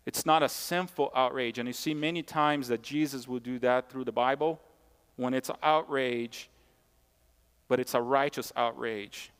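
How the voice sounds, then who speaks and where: This sermon comes from a pastor whose mid-range voice is clean and a bit bright, with fairly even intonation and a slightly slow pace. He preaches emphatically but conversationally, repeating what matters and tossing asides to the congregation. Long hall reverb fills the recording.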